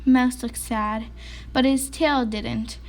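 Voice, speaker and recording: A woman reading a children's picture book aloud in a gentle storytelling manner. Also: a little high, fairly even intonation, takes it slowly. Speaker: storybook reader.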